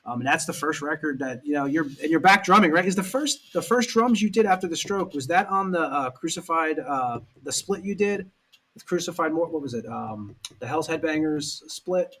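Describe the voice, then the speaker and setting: A man's voice: on the high side, lively intonation, normal speed, fairly bright tone, breathy edge. A man hosting a casual podcast interview, asking questions in a hesitant way with many fillers. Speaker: podcast host.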